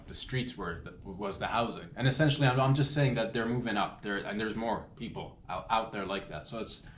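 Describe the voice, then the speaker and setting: A Canadian man hosting a comedy podcast, rambling through a loose solo monologue with lots of restarts and jokey asides. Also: fairly low pitch. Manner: meandering, self-correcting, loose and jokey. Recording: echoey room with faint noise.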